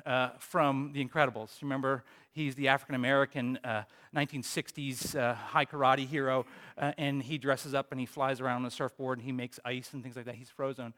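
A male pastor preaching a sermon, telling a personal story in an animated way with big swings in volume. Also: medium pitch, brisk.

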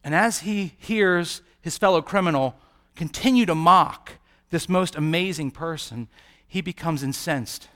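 A man preaching a sermon, rising to loud peaks and dropping to quiet, hushed lines, sometimes acting out the voices he quotes. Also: on the high side, measured pace. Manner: dramatic swings from soft to loud.

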